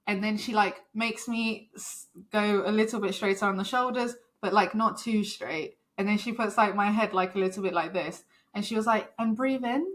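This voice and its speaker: A young woman co-hosting a casual podcast chat, telling a rambling story quickly and laughing often. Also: mid-range voice, fairly even intonation. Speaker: podcast co-host.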